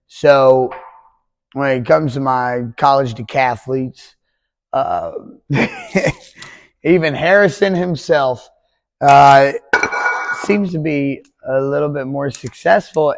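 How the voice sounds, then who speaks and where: A man in his twenties who coaches pole vault chats casually on a podcast, rambling and cracking jokes in a conversational way. His mid-range voice moves at a slow pace with long pauses.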